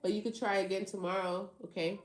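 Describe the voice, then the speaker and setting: A woman's voice: mid-range voice, flat delivery, a little fast, roomy sound. A woman hosting a tarot livestream, chatting casually with viewers in a teasing, slangy way and laughing often. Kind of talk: casual live chat with viewers.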